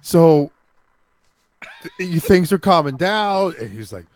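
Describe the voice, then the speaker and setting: A man's voice: on the high side, lively intonation, slow pace, a little mellow. A man co-hosting a podcast, telling a story with lots of swearing and acting out the people in it. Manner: swears a lot, acts out other people's voices in story. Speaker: podcast co-host. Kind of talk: animated storytelling, casual chat.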